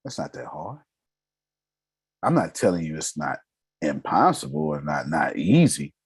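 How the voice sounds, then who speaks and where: Raspy, emphatic man teaching. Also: rumbling low, sing-song, a little slow, no room sound. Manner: emphatic, rhetorical questions, casual slang. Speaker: business mentor. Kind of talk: motivational teaching.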